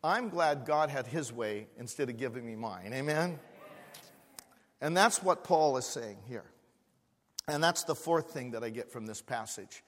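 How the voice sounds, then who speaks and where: A man preaching a sermon as a pastor, swinging from loud, emphatic repeated words to hushed, quiet asides. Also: mid-range voice, lively intonation, measured pace. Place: church hall. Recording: long hall reverb in a church.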